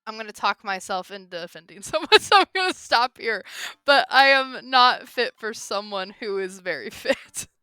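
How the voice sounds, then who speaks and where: A woman's voice: a little high, lively intonation, moderate pace, pushed and bright, smooth, dry recording, studio quality. A young woman casually commentating a game stream, chatty and giggly, reading dialogue aloud. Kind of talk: casual let's-play commentary.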